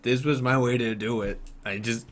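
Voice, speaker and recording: A man's voice: on the low side, moderate pace, sharp tone. A man voicing a guilt-ridden middle-aged inventor father who pleads and apologizes. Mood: remorseful.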